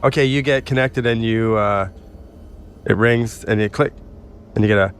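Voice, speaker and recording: A man's voice: on the low side, normal speed, faint music behind. Casual, laughing game master man. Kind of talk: narrating a tabletop game.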